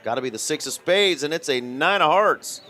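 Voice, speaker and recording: A man's voice: on the high side, expressive, normal speed, bright, forceful tone. Joking male poker color commentator. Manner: joking and playful.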